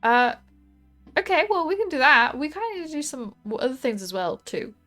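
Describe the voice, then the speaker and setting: A chatty woman streaming a tabletop game, often breaking into giggles. Her voice sits a little higher than most. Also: big pitch swings, fairly quick, bright, forceful tone, soft background music. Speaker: streamer and player. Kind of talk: casual tabletop play.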